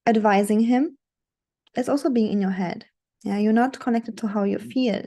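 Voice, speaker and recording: A woman coaching her viewers on dating, speaking in a fairly high but mellow, warm voice. She gives firm, instructive advice, repeats her points and keeps checking in with "okay?". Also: steady tone, moderate pace, vocal fry. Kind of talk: coaching monologue.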